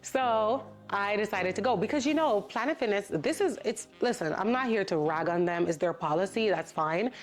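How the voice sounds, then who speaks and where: A woman's voice: medium pitch, a little fast, few pauses. Woman vlogger, casual storytime, indignant, acts out quotes, faint music underneath. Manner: animated, indignant retelling with quoted voices.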